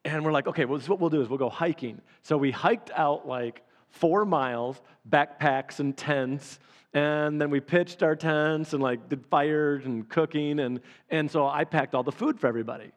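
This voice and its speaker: A man preaching a sermon, telling a story with laughs and lively energy. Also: fairly high pitch, moderate pace. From Michigan. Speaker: pastor. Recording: long hall reverb.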